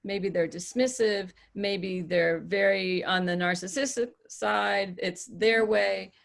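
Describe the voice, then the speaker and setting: A woman coaching a small group on a podcast, plain and direct. She speaks at a middle pitch in a firm, matter-of-fact way. She often acts out short examples as she goes. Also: fairly even intonation, slow, vocal fry. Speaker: podcast host and relationship coach.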